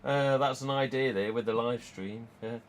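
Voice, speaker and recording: A man's voice: medium pitch, fairly even intonation, moderate pace. A man, casually chatting and rambling on a live stream from home. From England. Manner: rambling, chatty, reads out chat.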